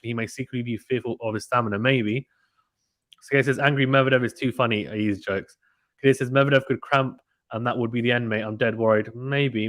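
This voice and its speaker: Male streamer, casual excitable play-by-play, dry booth sound. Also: medium pitch, dry recording. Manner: chatty, excitable, uses British slang. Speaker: live tennis stream commentator. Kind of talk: casual live play-by-play commentary reading chat.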